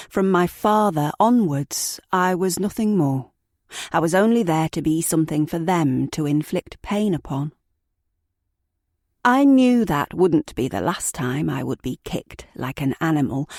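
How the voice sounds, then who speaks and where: Woman narrator, low-pitched, very slow and measured, dry close sound, true crime audiobook. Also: a little mellow, no echo. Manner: slow, measured, sombre reading.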